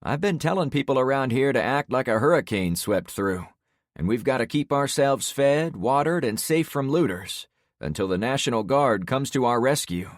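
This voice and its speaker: A man's voice: mid-range voice, animated, normal speed, no room sound, studio quality, voice pushed up, lightly acted. A man voicing a chatty middle-aged neighbor. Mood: friendly.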